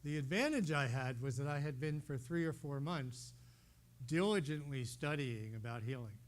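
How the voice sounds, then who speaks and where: A man telling a healing testimony to a congregation in a meeting room, talking straight to his listeners as an animated storyteller. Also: medium pitch, moderate pace. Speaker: speaker sharing a healing testimony. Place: meeting room holding about a hundred people.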